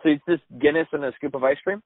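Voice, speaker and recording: A man in casual conversation who talks haltingly with many fillers. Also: a little high, fairly even intonation, no echo. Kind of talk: casual chat. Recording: dry, tinny phone-like line.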